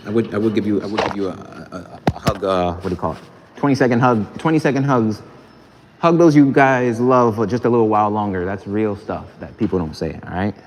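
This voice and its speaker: Streaming from an echoey gym with faint noise behind him, this young rapper reads viewer comments in a low-ish, slightly mellow voice at a somewhat fast clip. He rambles casually, thanking fans and hyping them up.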